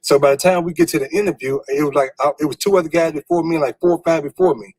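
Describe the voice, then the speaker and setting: A middle-aged man tells his own story in plain, candid street talk, repeating words as feeling rises. His voice sits a little high and sounds husky, and the recording is dry with no room echo. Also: fast talker, a little mellow. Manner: candid, repeats words when stirred, informal slang. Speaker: storyteller sharing a personal story. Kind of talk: spoken personal storytelling.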